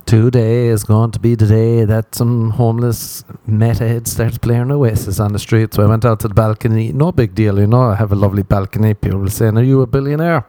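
A man's voice: fairly low pitch, little pitch movement, fairly quick, few pauses, mellow, dry recording. A young man hosting a solo comedy podcast, rambling with crude jokes. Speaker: podcast host.

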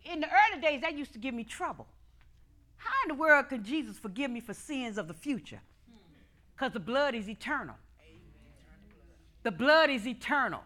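A woman preaching a fervent call-and-response sermon, repeating phrases and swinging between hushed tones and shouts. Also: high-pitched, animated, moderate pace, long pauses.

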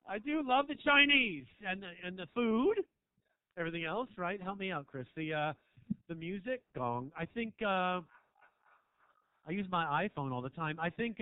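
A man's voice: high voice, clear, resonant tone, no room sound, narrow, tinny audio. A man doing a stand-up set in a small club, rambling provocatively and teasing the audience. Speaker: stand-up comedian. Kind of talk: stand-up set, crowd work. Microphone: handheld stage mic.

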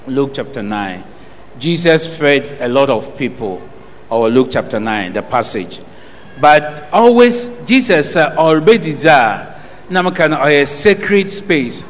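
A man's voice: medium pitch, in a large hall, a little hiss or hum. A man with a Ghanaian accent preaching a sermon, throwing questions out to the congregation for them to answer. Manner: call-and-response preaching, asking the congregation questions.

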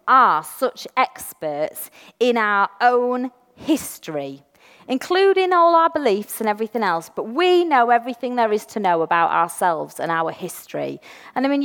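An English woman giving a chatty, self-deprecating sermon in a church, slowing down to read scripture deliberately. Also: mid-range voice, fairly bright tone, in a large hall. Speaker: preacher.

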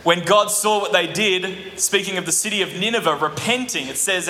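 Man preaching, animated with joking asides, high voice, echoey hall with long reverb. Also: normal speed. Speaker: pastor. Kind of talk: sermon. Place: church hall.

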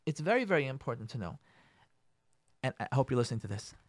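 A man's voice: medium pitch, fast talker, dry recording, studio quality. A man speaking as a rabbi in a radio talk on marriage, acting out both sides of family quarrels and using Hebrew and Yiddish words. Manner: animated, acts out both sides of arguments.

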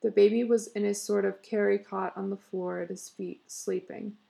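A woman reading a story aloud in a measured, expressive way. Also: medium pitch, vocal fry. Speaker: reader.

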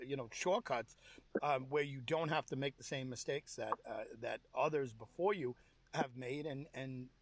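A middle-aged man hosting an interview, talking haltingly with many fillers and restarts. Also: mid-range voice, a bit bright. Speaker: interview host. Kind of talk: radio-style interview.

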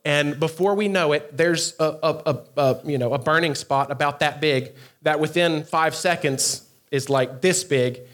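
A pastor with a high voice tells a story in a youth sermon. He is animated and laughs often, breaking off for quick asides to the students.

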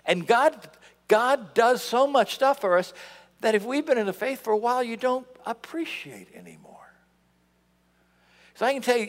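A man preaching a sermon in a church, animated, swinging between loud outbursts and hushed asides. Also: extremely high pitch, moderate pace. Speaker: pastor. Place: church sanctuary. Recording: long hall reverb.

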